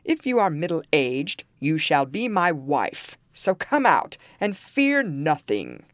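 A woman voicing a huge man-eating male ogre in a storybook reading, booming out each line loudly and slowly. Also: very animated, no echo, studio quality, heavily acted. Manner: loud slow booming delivery.

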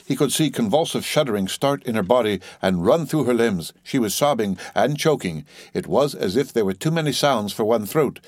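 A man narrating a novel as a steady, dramatic audiobook reading, lightly voicing the dialogue. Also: mid-range voice, dry recording, studio quality.

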